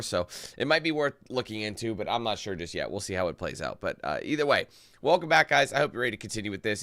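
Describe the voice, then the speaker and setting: A man's voice: lowish voice, pushed and bright, smooth, no room sound. A man talking casually on a live stream, rambling and chatty, tired, greeting his chat by name. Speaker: livestreamer.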